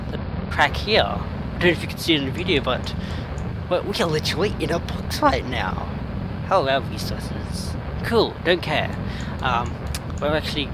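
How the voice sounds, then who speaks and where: A man hosting casual let's-play game commentary, rambling and giggly, cracking jokes as he goes. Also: mid-range voice. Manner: wears headphones while talking. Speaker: gaming channel host. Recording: loud steady background noise.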